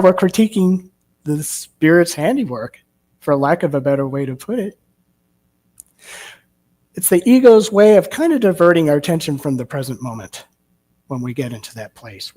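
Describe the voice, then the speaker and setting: A man delivers a Sunday message in a church sanctuary. His voice sits a bit on the high side. He speaks in a storytelling way and often turns to rhetorical questions. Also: darkish tone. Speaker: minister. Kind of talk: sermon.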